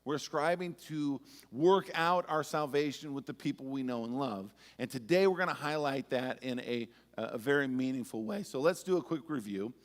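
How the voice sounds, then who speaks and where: A man's voice: mid-range voice, normal speed, hardly any pauses. A male pastor giving a sermon in a conversational, storytelling way with touches of humor. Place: church sanctuary. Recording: church sanctuary with long reverb.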